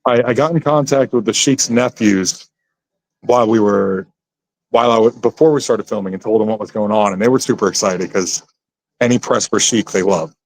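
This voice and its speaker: A man being interviewed about his acting career, telling lively anecdotes and acting out other people's voices. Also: on the low side, normal speed, rough recording. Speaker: actor guest. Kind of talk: casual interview storytelling.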